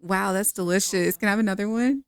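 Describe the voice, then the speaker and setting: A woman voicing a teasing, flattered young woman on a picnic date, speaking playfully. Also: medium pitch, quick pace, clear, resonant tone, natural voice.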